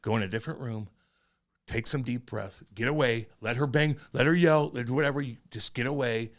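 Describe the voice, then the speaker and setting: A man in his forties co-hosting a podcast, telling a personal story in a rambling, profane way that turns loud and heated. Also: mid-range voice, a little fast. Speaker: podcast co-host. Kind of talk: candid casual chat.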